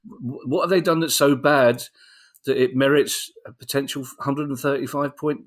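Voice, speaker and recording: A man's voice: mid-range voice, steady tone, moderate pace. A man hosting a podcast, introducing stories in a casual, jokey way and handing questions to his co-host. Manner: jokey, laughs while presenting stories.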